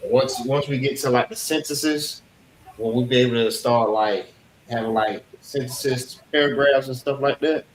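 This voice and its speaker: A man's voice: mid-range voice, steady tone, moderate pace, slight background noise. A man teaching an informal class, explaining points patiently, repeating phrases and checking that students follow. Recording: echoey room with faint ambience.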